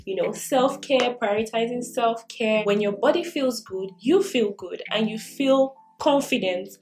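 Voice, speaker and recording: A little high yet darkish in tone, this woman's voice moves a little slowly over a low-quality camera-mic recording. The twenty-something lifestyle vlogger does her makeup while giving earnest, supportive self-improvement advice in a casual get-ready-with-me vlog, often laughing.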